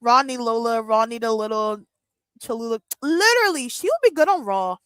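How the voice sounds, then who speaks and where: A young woman chatting casually as host of a wrestling watch-along, excitable and full of fillers and laughs. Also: fairly high pitch, moderate pace, clear, resonant tone, no room sound. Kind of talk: casual chat.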